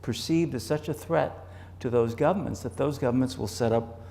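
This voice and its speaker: A man, a journalist and author, answering interview questions on a conference stage in a measured way, often repeating words as he thinks. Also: mid-range voice, vocal fry, dark tone, long reverb tail.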